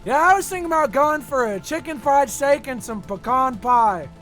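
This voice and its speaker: A woman voicing a man ordering food in a put-on Southern US accent with a slow, exaggerated drawl. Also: sits high, expressive, fairly bright tone, soft background music.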